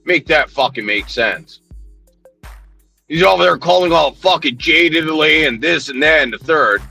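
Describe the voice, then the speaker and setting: A man's voice: a little high, lively intonation, normal speed, creaky, bright, forceful tone, breathy edge, faint music behind. A man ranting heatedly on a livestream, swearing constantly, mocking and confronting people while he answers his chat.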